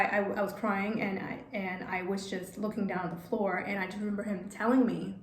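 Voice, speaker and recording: A woman's voice: medium pitch, fairly even intonation. Hesitant woman recounting her past, echoey room. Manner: halting, hesitant, many restarts. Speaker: vlogger. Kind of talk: personal storytelling vlog. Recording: echoey room, faint background noise.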